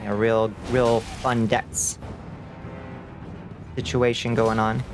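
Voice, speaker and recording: A laid-back male streamer chats with his viewers mid-game, playful and quick to laugh. His voice sits at an ordinary middle pitch with a light drawl. Faint music plays behind him. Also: little pitch movement. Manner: playful, greets chat warmly, laughs often. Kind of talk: casual live-stream chat while gaming.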